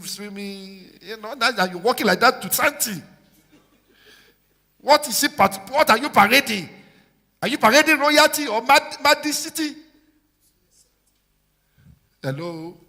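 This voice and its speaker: In a large church hall full of long, live reverb, a pastor delivers a sermon in a high-pitched, pushed, bright voice. He exhorts the congregation and calls on them to echo his phrases back.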